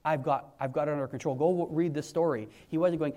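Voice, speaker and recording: A man in his forties preaches a sermon with a fairly high voice. He talks in a lively, conversational way, dropping to a hush or rising sharply as he acts out what others say. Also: fast, hardly any pauses. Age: 40s. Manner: animated, conversational preaching, acting out quotes in hushed and raised voices.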